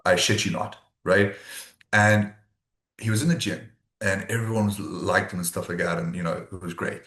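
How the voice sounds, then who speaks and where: Brief: South African guy, low voice, straight-talking, swears, roomy echo. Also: steady tone, normal speed, a bit bright. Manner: blunt, swears freely, acts out quoted friends. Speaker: podcast co-host. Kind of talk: casual podcast chat. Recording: echoey room.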